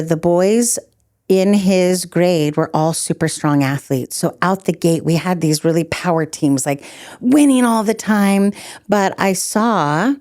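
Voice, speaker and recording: A middle-aged woman telling stories as a podcast guest, animated, laughing often and acting out quotes. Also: fairly low pitch, no echo, clean studio sound. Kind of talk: storytelling in a podcast interview.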